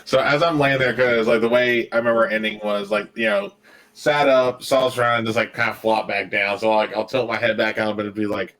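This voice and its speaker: A man playing a tabletop game, recapping loudly and casually. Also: mid-range voice, a little fast. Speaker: player.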